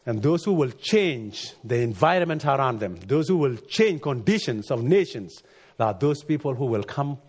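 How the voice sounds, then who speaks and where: Husky-voiced preacher, earnest and emphatic. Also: male voice, a little mellow. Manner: earnest, rising to emphatic peaks then dropping low. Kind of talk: sermon.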